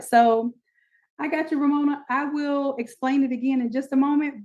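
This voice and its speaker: A woman hosting a live online design class, pitching offers and teaching with lots of energy, repeating herself and talking straight to her viewers. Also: a little mellow, highs cut off.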